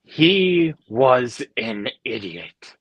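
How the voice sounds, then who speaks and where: A man impersonating a menacing masked male kidnapper, speaking quietly with a creeping, whispery threat. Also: fairly high pitch, lively intonation, moderate pace, breathy edge, no echo, dull audio. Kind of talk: film quote impression.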